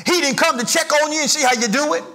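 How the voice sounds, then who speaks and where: A middle-aged male pastor, preaching a sermon with sing-song rises and shouted emphasis in a church. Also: extremely high pitch, fast talker. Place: church sanctuary.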